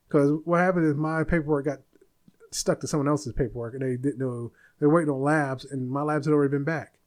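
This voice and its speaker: A man's voice: a little high, steady tone, fast, a little mellow. A man in his forties hosting a podcast, venting bluntly in a casual monologue. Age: 40s. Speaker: podcast host.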